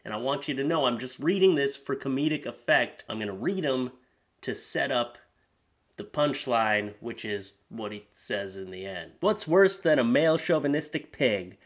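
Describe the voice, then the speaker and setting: A man's voice: mid-range voice, animated, moderate pace. Sarcastic, crude male commentary host. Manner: sarcastic, crude, mocking, laughs at his own jokes; switches into loud, exaggerated voices when reading posts aloud. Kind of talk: comedic commentary reading posts.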